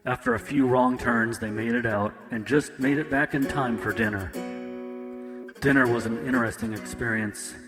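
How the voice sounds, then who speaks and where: A man narrating a ghost story in a steady, even storytelling manner. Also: mid-range voice. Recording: echoey with guitar music.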